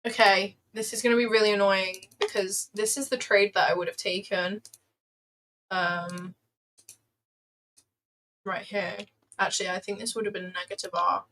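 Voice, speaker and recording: A woman's voice: mid-range voice, steady tone, normal speed, pauses often, fairly bright tone. A young British woman chatting casually while trading on a livestream, talkative and self-deprecating, often repeating herself. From Britain. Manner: chatty, self-deprecating, repeats phrases, breaks into playful singing. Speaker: livestreaming day trader. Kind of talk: casual live-stream chat.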